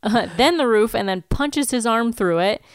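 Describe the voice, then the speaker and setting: A woman's voice: on the high side, animated, moderate pace, smooth, no echo, clean studio sound. A woman co-hosting a podcast, casually recapping a movie's plot and giggling often. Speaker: podcast co-host.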